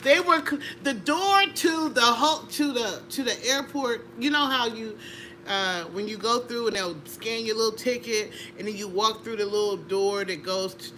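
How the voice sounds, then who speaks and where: Middle-aged woman guest, lively storyteller, bright tone. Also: mid-range voice, moderate pace, slight background noise. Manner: animated, laughing, acts out voices in her story. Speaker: interview guest. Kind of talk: conversational storytelling.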